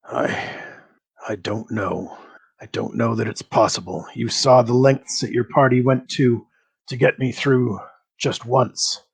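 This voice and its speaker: Man doing a solemn male war god, slow formal speech, gravelly, husky. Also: mid-range voice, fairly even intonation.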